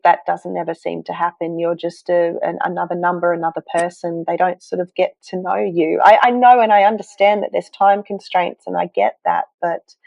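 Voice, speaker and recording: A woman, a health coach, telling her story to a podcast host in an earnest, animated way, with self-deprecating asides. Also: fairly low pitch, creaky, dry recording. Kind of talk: conversational storytelling. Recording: dull, dry sound.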